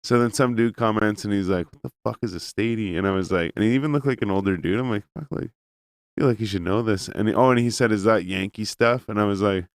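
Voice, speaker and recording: Man, podcast co-host, casual rambling stories, fairly low voice, smooth tone. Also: quick pace, no echo, studio quality. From Canada. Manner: rambling storyteller, heavy use of "like". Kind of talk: casual chat.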